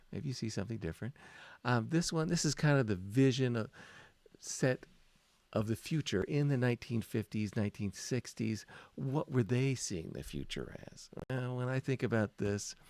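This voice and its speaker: A man with a low, gravelly voice gives an informal design lecture. He talks in a loose, chatty way, full of fillers and self-deprecating asides. The sound is close and dry. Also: a little mellow, no room sound. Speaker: design teacher. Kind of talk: casual lecture.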